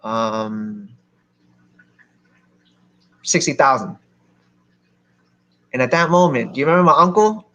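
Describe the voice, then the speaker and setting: A man from Philadelphia telling a lively story to a seminar audience as a real estate investor, acting out the people in it. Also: mid-range voice, slow, long pauses. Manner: animated, acts out other people's lines.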